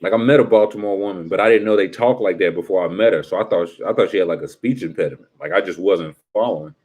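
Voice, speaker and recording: A man casually chatting with his livestream viewers, joking around and breaking into quick impressions. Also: low-pitched, darkish tone, breathy edge.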